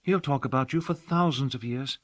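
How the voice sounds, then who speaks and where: A man's voice: mid-range voice, brisk, no echo, voice pushed up, lightly acted. A man reading an audiobook, voicing a devoted young female servant who talks earnestly and dotingly. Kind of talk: audiobook character voice.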